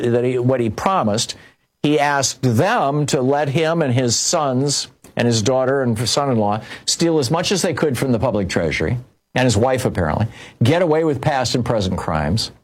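An older man telling a personal story in political commentary, rambling with many restarts and fillers. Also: mid-range voice.

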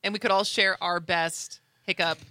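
A radio host chats casually with her co-hosts in a bright voice. Her talk is chatty and full of quick restarts. The sound is dry and close-miked. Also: on the low side, steady tone, dry recording. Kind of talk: casual studio chat.

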